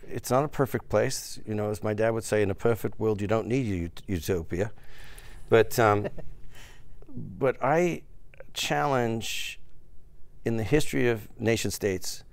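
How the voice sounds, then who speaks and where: A Canadian man in his fifties with a gravelly, creaky voice. He jokes and riffs as an interview guest, sometimes slipping into quick impressions. The sound is close and dry. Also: on the low side, dry recording. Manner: playful, jokey, slips into quick impressions. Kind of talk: casual interview.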